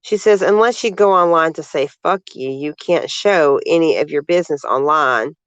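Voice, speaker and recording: A man with a fairly high voice reads other people's posts aloud and cuts in with sarcastic, indignant remarks. The audio is dull and lo-fi, with a dry, close sound. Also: expressive, moderate pace, fairly bright tone, clear, resonant tone, no echo. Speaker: vlogger. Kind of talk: reading out social media posts with commentary.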